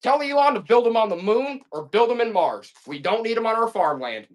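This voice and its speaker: A live auction seller runs a casual live-selling stream in a high, expressive, fairly quick voice. Between items he rambles and gets fired up in folksy rants, calling listeners "boy."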